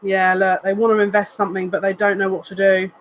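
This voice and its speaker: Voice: medium pitch, level tone, fast, slight background noise, low-quality recording. A psychic reader giving a live tarot card reading in an earnest, emotional way, repeating phrases and thinking aloud as they turn the cards. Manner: emotional, says they are near tears.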